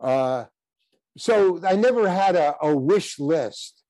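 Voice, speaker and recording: An older man tells a guest's stories in a relaxed interview, starting over mid-sentence and wandering off track. His voice sits a bit high for a man and sounds close and dry, with no room around it. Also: no room sound. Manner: rambling anecdotes with halting restarts. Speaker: guest actor. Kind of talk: casual interview storytelling.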